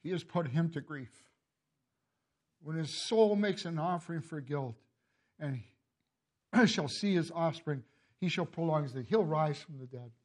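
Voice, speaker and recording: Male pastor, sermon, high voice, reads scripture, clears his throat often. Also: expressive, measured pace, pauses often. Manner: impassioned, rising to loud calls then dropping low; frequent coughs and throat clearing. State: emotional, tearing up.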